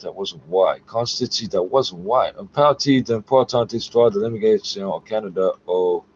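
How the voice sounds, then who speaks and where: A man reading French aloud haltingly in a casual solo recording, cursing and arguing with the text between lines, often muttering his asides. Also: mid-range voice, a little hiss or hum. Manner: profane, argumentative, mutters asides under his breath; reads French haltingly, stopping to correct himself. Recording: dull lo-fi recording with faint music. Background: faint music.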